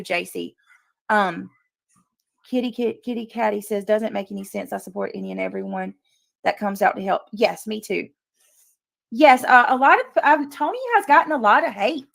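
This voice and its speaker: Earnest woman hosting a livestream, gravelly voice. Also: mid-range voice, dry recording. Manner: earnest, repeats herself for emphasis; talks to chat while reading comments. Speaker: livestream host. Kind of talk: casual live commentary.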